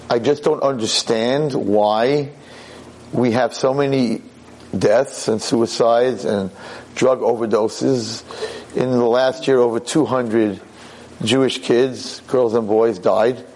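A man giving a Torah lecture as a rabbi, impassioned, dropping low and grave then rising into sharp outbursts. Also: steady tone, takes it slowly, pauses often.

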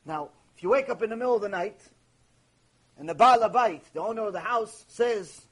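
A man's voice: high-pitched, animated, moderate pace, slightly rough, rough recording. A man giving an impassioned Torah lecture on Mussar, rebuking his listeners and mixing Hebrew terms into his English. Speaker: rabbi teaching Mussar.

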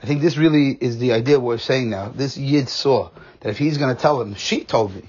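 A man's voice: mid-range voice, a little fast, darkish tone, slightly rough. A man giving a pre-Sabbath sermon as a rabbi, telling a story with earnest, repeated emphasis. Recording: dull lo-fi recording.

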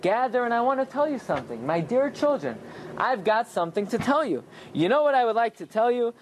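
A man giving an animated Torah class, telling the story with lots of rhetorical questions. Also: very high-pitched, fairly quick, slight background noise. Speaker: rabbi teaching Torah.

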